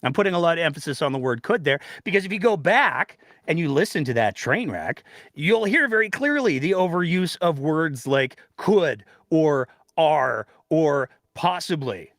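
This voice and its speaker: A man talks through politics with open sarcasm and lots of animation. His voice sits a little high, and the recording is dry and close. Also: sing-song, moderate pace, fairly bright tone, no room sound. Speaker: political commentary host. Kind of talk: opinionated political commentary.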